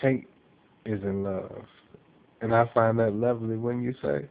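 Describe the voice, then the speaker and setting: A man voicing a gentle, amused male figure of love who speaks slowly, recorded with a tinny phone-like sound. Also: mid-range voice, gravelly.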